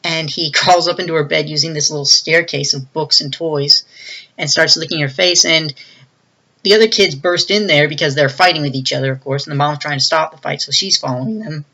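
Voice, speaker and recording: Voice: medium pitch, fairly quick, pushed and bright. A movie reviewer casually recapping a film's plot in a loose, rambling way, often acting out the characters' lines in a raised voice. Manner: retells scenes, acting out quoted lines in a raised voice; loose and rambling, with many fillers.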